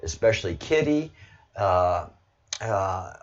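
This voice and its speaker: A man talking casually on his livestream, rambling and now and then breaking into loud, excited bursts. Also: low voice, slow, muffled recording. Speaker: livestreamer, political commentator.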